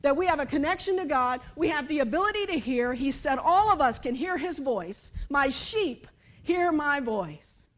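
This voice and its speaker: High-voiced woman preaching with animated energy. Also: brisk, hardly any pauses. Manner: animated storytelling, acts out voices, shifts from hushed to loud. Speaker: pastor. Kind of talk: sermon.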